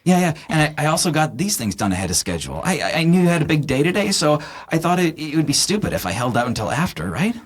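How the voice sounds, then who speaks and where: A man voicing an eager, fast-talking young male tinkerer who rambles excitedly. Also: on the high side, breathy edge, pitched above the performer's own voice.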